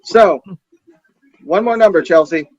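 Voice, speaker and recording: High-voiced man hosting a silly game. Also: a little slow, no echo, lo-fi sound. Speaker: podcast co-host running a game. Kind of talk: casual comedy podcast banter.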